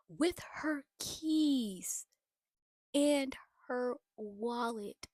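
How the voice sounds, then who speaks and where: A young adult woman recaps a film to her viewers in a loose, slangy, animated way and laughs often. Her voice sits at an ordinary middle pitch. The sound is dry and close, with no room echo. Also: normal speed. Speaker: movie reaction vlogger. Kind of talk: casual movie recap.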